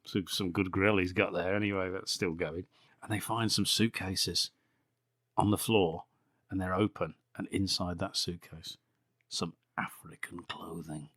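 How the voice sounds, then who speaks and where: A man's voice: low-pitched, steady tone, unhurried, a bit bright, no echo, clean studio sound. A man hosting a podcast, sarcastically recapping a bad film with frequent swearing and laughter. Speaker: podcast host.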